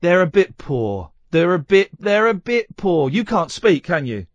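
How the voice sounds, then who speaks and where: Male phone-in host, high and very animated, dry studio sound, jokey and rambling. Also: measured pace, no room sound, dull audio. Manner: jokey, rambling, laughs often. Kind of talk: late-night radio phone-in chat. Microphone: studio mic.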